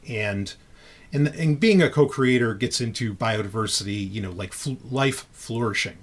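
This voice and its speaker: A man's voice: mid-range voice, unhurried, a bit bright. A man hosting a podcast in loose, casual chat, talking freely with frequent restarts and casual swearing. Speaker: podcast host.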